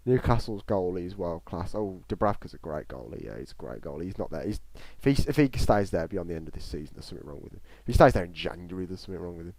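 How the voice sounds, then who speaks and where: An English man with a deep voice talks fast with few pauses on a dry recording. Streaming reactions to a football match from a small closed room, he keeps up excited commentary through the play and reads live chat aloud into a desktop mic in front of a screen.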